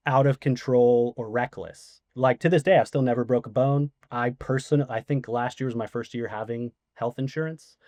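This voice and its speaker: A man's voice: medium pitch, a little mellow, no room sound. A man in his forties, a guest in a casual interview, telling rambling anecdotes full of fillers. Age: 40s.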